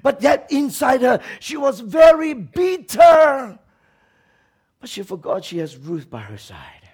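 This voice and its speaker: Man, pastor, sermon, very high voice, shouted and hushed delivery, emotional acted laments. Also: big pitch swings, slow, husky. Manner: preaching with swings between shouting and quiet speech; acts out quoted prayers and laments with emotion.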